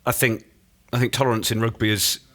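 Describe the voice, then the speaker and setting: Quick-talking man weighing his words. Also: mid-range voice, level tone, sharp tone. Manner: fast, thoughtful, hedging. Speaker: rugby commentator and journalist. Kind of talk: casual chat.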